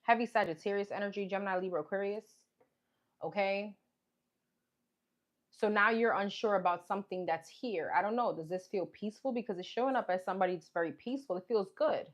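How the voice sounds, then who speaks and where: A woman's voice: mid-range voice, fairly quick. A woman giving a tarot reading, chatty and musing, thinking aloud and repeating herself as she turns over cards. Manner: chatty, musing, repeats "okay" and "what's coming up" while pulling cards. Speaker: tarot reader.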